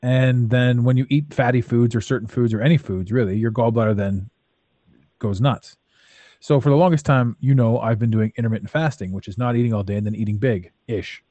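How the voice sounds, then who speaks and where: A man's voice: mid-range voice, a little fast, mellow, no echo, highs cut off. Blunt, emphatic male podcast host. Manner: emphatic, blunt, swears freely. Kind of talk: casual chat.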